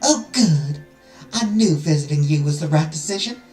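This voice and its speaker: A man's voice: fairly high pitch, lively intonation, normal speed, darkish tone, echoey room, faint music behind, voice pushed up, natural voice, poor audio. A man voicing a sweet, shy young princess with a put-on Southern accent, gushing and earnest as he reads a visual novel aloud.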